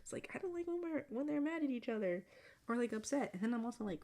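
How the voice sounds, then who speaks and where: A chatty young woman rambles casually, her voice low-key and mellow with a gravelly fry running through it. She laughs often, leans on filler words, and now and then drops into a hushed whisper. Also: expressive, fast. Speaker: vlogger. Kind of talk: casual chat while drawing.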